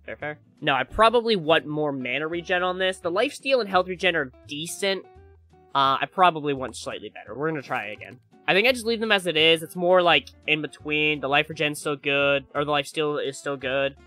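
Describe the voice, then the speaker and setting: High, bright-voiced man muttering gameplay commentary. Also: lively intonation, fairly quick, soft background music. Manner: offhand, muttering, swears casually. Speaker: gaming YouTuber.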